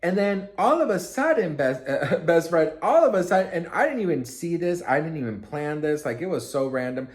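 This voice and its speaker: A man telling a story casually to camera, chatty and expressive, acting out quotes with lots of fillers. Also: a little high, moderate pace, hardly any pauses. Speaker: vlogger and storyteller.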